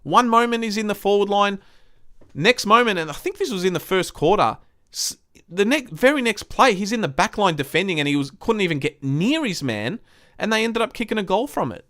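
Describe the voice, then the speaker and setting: A man's voice: sits high, lively intonation, fairly quick, fairly bright tone, no room sound. Blunt, swearing man on a live stream. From Australia. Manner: blunt, swears a lot, frustrated. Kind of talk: casual live stream chat reading comments.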